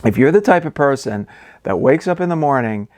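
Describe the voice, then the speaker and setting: A man's voice: mid-range voice, lively intonation, brisk, a little mellow, dry recording, studio quality. A man hosting an investing channel, explaining stock basics in casual talk full of ums, okays and restarts. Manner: conversational, many ums and okays.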